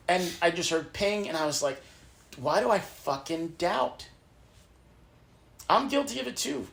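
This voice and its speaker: A man hosting a podcast, telling personal stories in an animated, profane, casual way. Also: high-pitched, measured pace, gravelly, pauses often. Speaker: podcast host. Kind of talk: casual storytelling chat.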